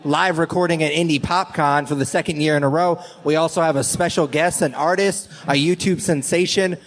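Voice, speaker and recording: A podcast host opens a live convention episode with an upbeat welcome. He is a man with a fairly high voice and introduces his guest in a friendly way. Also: steady tone, a little fast. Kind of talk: casual podcast hosting.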